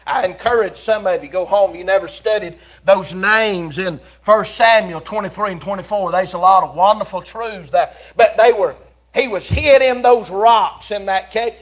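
A man preaches in a church, his voice sitting fairly high for a man. He tells the story in a folksy, animated way, swinging from loud calls to hushed asides. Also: normal speed. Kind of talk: sermon. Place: church sanctuary.

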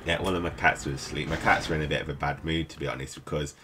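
This British let's play host has a bass voice and steady tone but talks fast, tired and up at night. He mutters to himself in rambling, casual gameplay commentary, with game music and a noisy background behind him.

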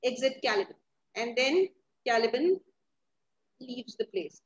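A woman with a slightly high, animated voice takes her time explaining a play to a literature class, paraphrasing line by line and often asking if listeners are with her. The echoey, slightly dull recording carries faint background noise.

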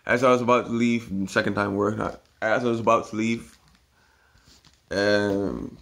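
A man telling a rambling, halting story about his day in a casual monologue, with many restarts and some swearing. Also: lowish voice, fairly even intonation, gravelly, a bit bright.

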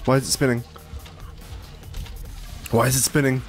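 A man narrating his own gameplay in a casual, jumpy way, quick to curse and laugh when something startles him. His voice sits at an ordinary middle pitch, recorded at home with a desktop mic and faint music underneath. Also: little pitch movement. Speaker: let's play gamer. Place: room at home.

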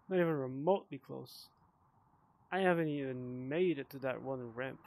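Having had a few drinks, this VR gamer talks in a medium-pitched, darkish voice with vocal fry, keeping a measured pace broken by long pauses. His loose commentary is full of cursing, frustrated outbursts, and muttered remarks.

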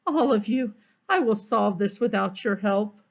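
A woman's voice: medium pitch, expressive, unhurried, creaky. A woman voicing an exasperated, sarcastic male police captain in a storybook read-aloud. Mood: exasperated sarcasm. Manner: sarcastic, clipped. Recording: dull, muffled recording.

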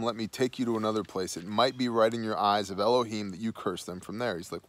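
A man's voice: fairly low pitch, fast, few pauses, fairly bright tone. A man hosting a Bible study, reading scripture aloud and then dropping into slangy, casual asides.

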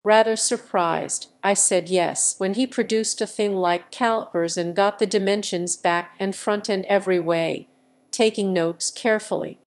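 A woman narrating a classic novel for an audiobook in a steady, measured reading. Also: medium pitch. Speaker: audiobook reader.

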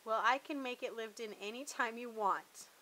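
A woman voicing an eager, earnest little girl in a high, keen voice. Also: normal speed, bright, forceful tone, slight background noise.

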